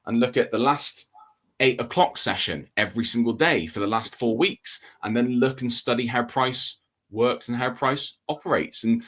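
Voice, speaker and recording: A man co-hosting a trading livestream, explaining in a steady casual way and checking in with "okay?" and "right?". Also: medium pitch, normal speed.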